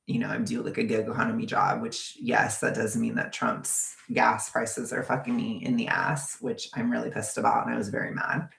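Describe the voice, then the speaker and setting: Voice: mid-range voice, monotone, moderate pace, gravelly, few pauses, fairly bright tone, echoey room. A vlogger ranting in a casual, profane, exasperated way.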